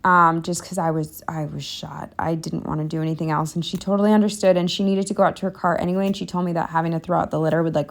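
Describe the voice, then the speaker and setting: Candid, rambling young woman vlogger. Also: lowish voice. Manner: candid, self-deprecating, rambling with fillers. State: a bit out of breath. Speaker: planner vlogger. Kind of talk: casual voice-over narration.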